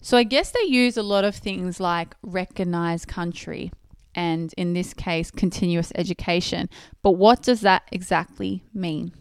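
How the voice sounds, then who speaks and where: A woman's voice: on the low side, no room sound, studio quality. A woman from Australia, hosting a podcast and explaining rules step by step in plain terms. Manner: clear, methodical explaining with pauses to rephrase. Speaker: podcast host.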